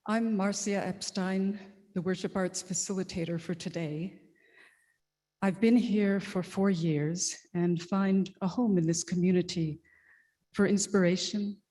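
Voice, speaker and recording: A woman leading a church service, giving a formal welcome and land acknowledgement in a measured, solemn way. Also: on the low side, dark tone. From Canada. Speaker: worship arts facilitator.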